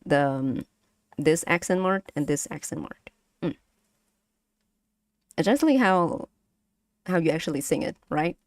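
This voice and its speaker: Casual streamer, woman, patient lesson delivery, unhurried, dead dry close sound. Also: low-pitched, animated, creaky, dry recording. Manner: slow, patient, breaks into sung syllables and laughs. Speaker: streamer teaching Vietnamese.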